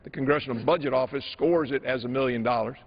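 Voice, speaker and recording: Measured, halting man in an echoing chamber. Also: mid-range voice. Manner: measured, halting, many filler pauses. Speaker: legislator managing floor debate. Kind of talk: formal floor debate speech. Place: large legislative chamber. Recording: dull audio in an echoing chamber.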